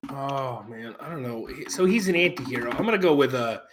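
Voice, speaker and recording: A young man co-hosting a podcast in casual chat, excitable and hesitant, thinking out loud. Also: mid-range voice, fairly quick, noisy background. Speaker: podcast co-host.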